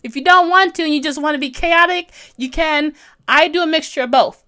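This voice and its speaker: Her high-pitched voice sounds pushed and bright and moves slightly quickly. The webcomic artist, in her thirties, keeps up bubbly, self-deprecating banter on her tutorial stream, laughing and wandering off topic as she reads what viewers write.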